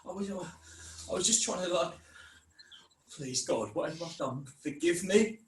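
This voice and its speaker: Man as an anguished guilty young man, halting, echoey room, distant mic. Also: high-pitched, expressive, slight background noise. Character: guilt-ridden young man, self-doubting and defensive. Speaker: actor in an online script reading. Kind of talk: online script reading. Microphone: video call mic.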